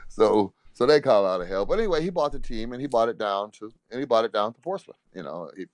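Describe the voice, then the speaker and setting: Low-pitched man, ex-basketball player, spinning a yarn with animated, laugh-filled delivery. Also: fast talker, no echo. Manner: animated storyteller, repeats "he said", laughs often. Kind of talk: casual anecdote telling.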